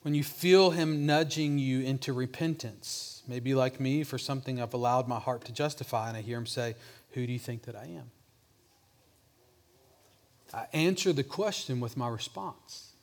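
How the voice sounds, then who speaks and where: A male pastor preaching a sermon, with restarts, dropping softer to voice a repeated question. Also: mid-range voice, normal speed, few pauses. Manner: preaching with restarts, drops softer when voicing Jesus' question.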